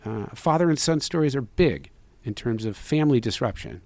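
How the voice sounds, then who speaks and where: A man's voice: medium pitch, lively intonation, a little fast, vocal fry, a little mellow, no echo. A man, a filmmaker guest, speaking earnestly, rambling through many restarts and fillers. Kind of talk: conversational interview answer.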